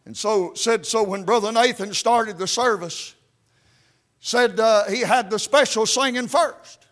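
A man preaching a revival sermon in a Baptist church, fervent and peppered with "uh, uh" as he builds toward shouts. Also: sits high, measured pace.

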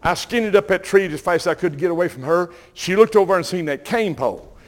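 An older Southern man preaches in a folksy, animated storytelling style. His voice sits a little high for a man, and he keeps calling out to the congregation as he goes. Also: fast talker. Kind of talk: sermon storytelling.

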